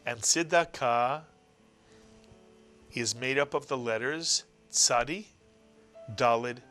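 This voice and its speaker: A man's voice: medium pitch, pushed and bright, soft background music. Patient man teaching a language lesson. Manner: patient, explains slowly, repeats key words. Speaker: Hebrew teacher. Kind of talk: classroom-style language lesson.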